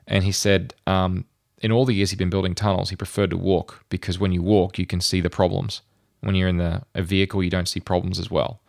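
A man's voice: low voice, little pitch movement, fairly quick, creaky, darkish tone, dry recording, clean studio sound. A man, a podcast host thinking aloud in casual chat with many fillers.

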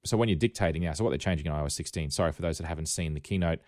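A man's voice: low-pitched, rapid-fire, a little mellow, no echo, studio quality. A man with an Australian accent hosting a casual tech podcast, rambling and wry, often correcting himself mid-sentence. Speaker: podcast host.

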